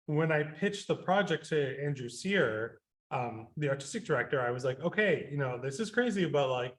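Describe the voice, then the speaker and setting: A composer with a somewhat high voice is interviewed on radio, and his talk wanders, stuffed with fillers and restarts, perking up whenever he repeats his own words.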